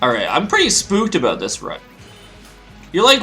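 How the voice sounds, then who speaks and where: Guy doing lets play commentary, kinda high voice, goofy and rambly, some game music playing quiet. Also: moderate pace. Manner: rambling, joking, excitable. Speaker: let's play host. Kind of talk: casual gameplay commentary.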